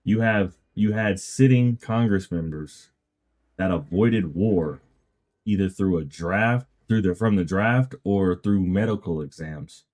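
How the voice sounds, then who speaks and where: A man's voice: deep voice, slow pace, darkish tone. A man in casual chat on a stream, speaking in an earnest, reflective way. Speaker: guest in chat.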